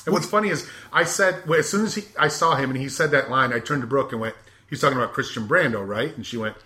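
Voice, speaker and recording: A man's voice: medium pitch, fast, bright, forceful tone. A man chatting casually, filling in background for listeners with many fillers and asides. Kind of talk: casual podcast chat.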